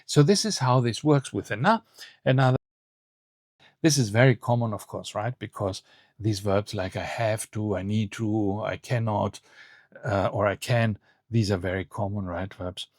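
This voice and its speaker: A man teaching a beginner Greek lesson online, saying model phrases clearly and slowly and setting short quizzes. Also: fairly low pitch, darkish tone, dry recording, studio quality. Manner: clear, slow model phrases with quiz prompts.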